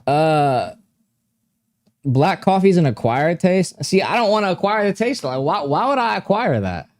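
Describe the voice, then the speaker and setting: A man's voice: high-pitched, very animated, measured pace. A young man hosting a live stream, chatting casually with viewers in a laid-back, slangy way and laughing often.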